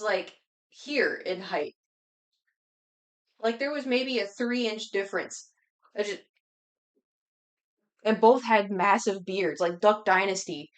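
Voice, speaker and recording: A woman livestreamer telling a rambling, animated story to her chat, talking so fast she has to stop and catch her breath. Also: medium pitch. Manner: rambling, animated anecdote with many restarts.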